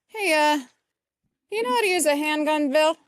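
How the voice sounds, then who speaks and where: A woman's voice: high-pitched, expressive, normal speed, no echo, studio quality, pitched above the performer's own voice. A woman playing a wisecracking tough-guy cop. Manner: gruff swearing, wisecracks. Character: tough wisecracking male New York cop.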